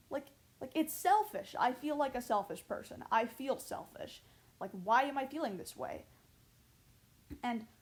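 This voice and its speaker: Woman YouTuber, confessional vlog; earnest and emotional, hard on herself, halting delivery full of restarts. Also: fairly high pitch, darkish tone. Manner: earnest, emotional and self-critical; halting, with many pauses and restarts.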